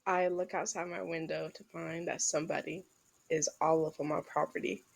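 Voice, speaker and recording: A woman's voice: sits low, fairly even intonation, moderate pace, creaky, husky. A woman podcast co-host improvising a comedic role-play in a brash, teasing, trash-talking way.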